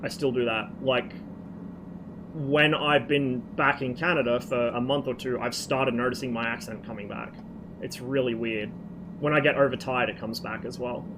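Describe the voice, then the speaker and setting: A man's voice: medium pitch, steady tone, normal speed. A man from Australia chatting casually on a stream, telling rambling, profane stories. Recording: noisy background.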